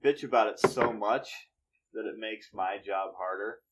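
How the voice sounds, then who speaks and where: A man's voice: lowish voice, moderate pace, a bit bright, poor audio. A man from northeastern Pennsylvania in casual chat, musing and trailing off with fillers.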